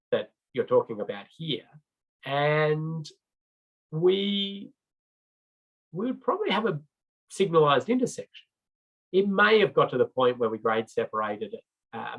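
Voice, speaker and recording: A middle-aged man giving an informal training presentation as a road safety trainer, chatty and rambling, with many fillers and restarts. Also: mid-range voice. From Australia. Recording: slightly dull lo-fi recording.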